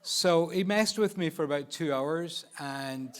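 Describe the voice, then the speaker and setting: A man's voice: a little high, measured pace, smooth. A man with a New York accent speaking on an expo stage, telling stories and acting out the voices in them. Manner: storytelling, acts out voices in anecdotes. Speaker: photographer presenting a live shoot. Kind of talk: live stage presentation. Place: expo stage before an audience.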